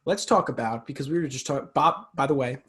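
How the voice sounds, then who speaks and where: A man's voice: mid-range voice, fast talker, fairly bright tone. A young man hosting a podcast, chatting casually in a joking, argumentative, teasing way. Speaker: podcast host. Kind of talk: casual chat.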